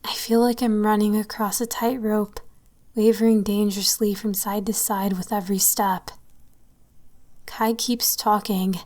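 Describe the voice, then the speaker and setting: Woman reading horror in hushed whispers. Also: mid-range voice, level tone, unhurried. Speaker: story reader. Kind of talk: horror story narration.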